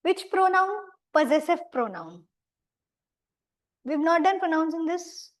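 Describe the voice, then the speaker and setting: A woman with an Indian English accent teaching vocabulary in a small classroom, brisk and mixing in Hindi. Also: extremely high pitch, big pitch swings. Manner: brisk, mixes Hindi and English, scolds sleepy students.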